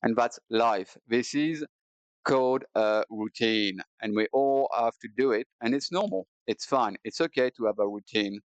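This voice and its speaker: A man's voice: mid-range voice, normal speed, no echo. A man chatting casually while streaming a video game, rambling and joking at his own expense, recorded on a cheap headset. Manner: rambling, playful, self-mocking. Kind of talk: casual gaming stream chat. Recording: dull lo-fi headset audio.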